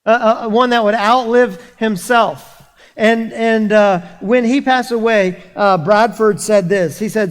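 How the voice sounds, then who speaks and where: A man's voice: high-pitched, fairly even intonation, a little slow. A man, preaching a sermon as a pastor, telling a story with many restarts and repeated words. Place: church sanctuary. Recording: long hall reverb.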